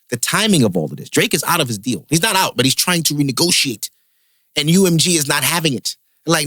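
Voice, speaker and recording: A man's voice: a little high, big pitch swings, brisk, sharp tone, dry recording, clean studio sound. A man hosting a podcast, a comedian ranting in heated, profane casual chat.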